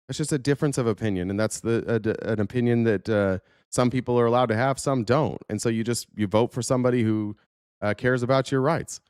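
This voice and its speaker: A man's voice: mid-range voice, darkish tone, no room sound, studio quality. A man hosting a political talk show, giving angry, profane, blunt commentary. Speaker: show host.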